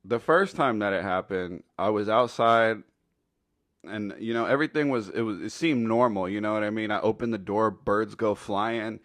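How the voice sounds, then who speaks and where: A man's voice: on the low side, normal speed, a bit bright, no room sound. A man telling a funny story in a casual, rambling, foul-mouthed way. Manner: laid-back, profane, rambling. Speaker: storytelling commentator.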